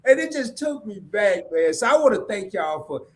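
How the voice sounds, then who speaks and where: A man with a Southern US accent hosting a casual interview, telling animated stories and laughing often. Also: high-pitched, moderate pace, a little hiss or hum. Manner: animated storyteller, laughs often, mimics sayings. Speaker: podcast host.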